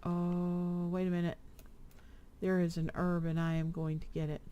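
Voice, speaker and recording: A woman's voice: fairly low pitch, little pitch movement, moderate pace, dark tone, smooth, muffled recording. An older woman chatting casually while playing a game with her husband, often reading quest text aloud. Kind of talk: casual gameplay chat.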